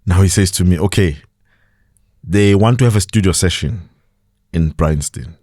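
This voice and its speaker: Speaking in a low voice at a moderate pace, a South African guest on a podcast is captured in a dry, clean studio recording. He laughs a lot and brings his stories to life by acting out whoever he quotes in the casual interview.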